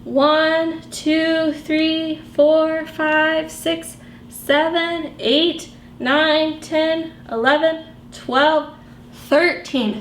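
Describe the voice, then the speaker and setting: A woman librarian reading picture books aloud to young children, animated and sing-song, asking them questions as she goes. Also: high-pitched, very slow. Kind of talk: storytime read-aloud for children. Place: library room. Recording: echoey room with faint background noise.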